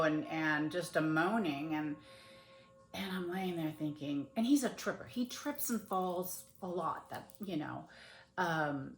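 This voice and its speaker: Middle-aged woman, casual storyteller, lowish voice, laughs often, loud animated quotes, roomy echo. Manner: animated, laughing storyteller who rises to near-yells in quoted outbursts. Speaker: flosstube host. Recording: echoey room.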